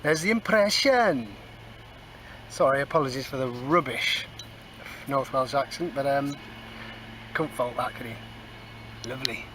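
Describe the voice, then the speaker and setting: A man's voice: medium pitch, steady tone, normal speed, pauses often. A man giving casual, cheeky running commentary while metal detecting in a field. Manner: chatty, cheeky asides, says moving on a lot. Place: outdoors in a field. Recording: outdoor noise behind.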